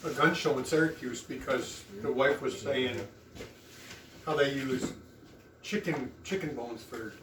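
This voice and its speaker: A man's voice: medium pitch, a little slow. A man chatting casually at a breakfast table, joking and swearing, often laughing. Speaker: family member at breakfast. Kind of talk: casual chat. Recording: roomy, distant, noisy table recording.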